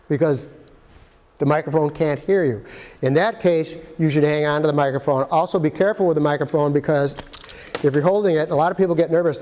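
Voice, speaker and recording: A man walks through an equipment setup in a plain, practical way, talking as he handles the gear. His voice sits a little high for a man. A long reverb from the large room trails his words. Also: fairly quick, a little mellow. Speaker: instructor. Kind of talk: casual how-to demonstration. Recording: echoey hall sound.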